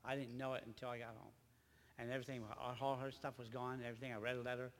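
An older man, a grandfather, preaching a rambling church testimony with halting, repeated words. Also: medium pitch, level tone, big-room sound. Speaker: lay preacher.

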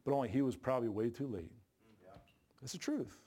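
A man preaching a sermon in a folksy, emphatic way, with sudden jumps in pitch and bursts of laughter. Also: lively intonation, fairly quick, warm tone.

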